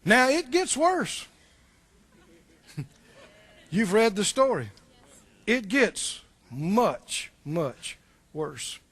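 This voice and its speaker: A male pastor preaching a sermon, animated and full of rhetorical questions. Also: sits high, drawn-out words, pauses often, breathy edge.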